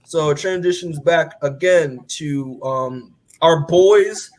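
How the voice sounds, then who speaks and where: A man's voice: fairly high pitch, slow, darkish tone. A man casually recapping a comic book as a podcast co-host, rambling with lots of filler words and casual swearing.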